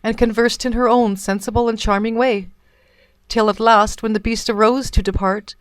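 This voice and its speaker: A woman narrating a fairy tale in a measured, even storybook reading. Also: fairly high pitch, no echo.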